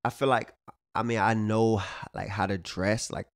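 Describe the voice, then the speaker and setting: A low-voiced man riffs casually to his camera, dropping slang and curse words in a loose, rambling flow. The sound is dry and close, with no room around his voice. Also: fairly even intonation, normal speed, dry recording. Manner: laid-back, profane slang-heavy street talk; filler-heavy, repeats "you know what I'm saying". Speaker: fashion vlogger.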